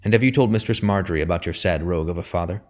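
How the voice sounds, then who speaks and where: A man's voice: low-pitched, racing, a little mellow, close to an everyday voice. A man reading aloud as a bitter older father who sneers with contempt. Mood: sneering.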